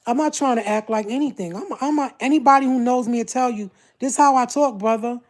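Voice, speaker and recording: A woman's voice: fairly high pitch, fairly quick. A woman from Brooklyn with a Brooklyn accent, talking bluntly and confrontationally on a casual livestream. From Brooklyn, New York.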